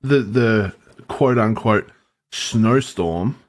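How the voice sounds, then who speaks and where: A man's voice: on the low side, extremely slow. A man co-hosting a podcast in casual chat, loose and jokey with lots of fillers. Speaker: podcast co-host.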